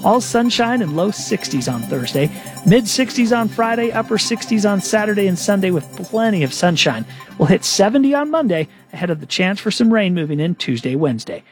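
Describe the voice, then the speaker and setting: A man delivers the radio weather forecast with a high, animated voice. It swings widely in pitch. Faint music sits behind him. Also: brisk.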